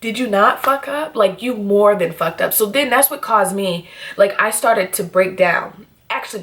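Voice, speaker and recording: A young woman on her vlog, telling a personal story in an animated, blunt and profane way. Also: medium pitch, moderate pace. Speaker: beauty YouTuber.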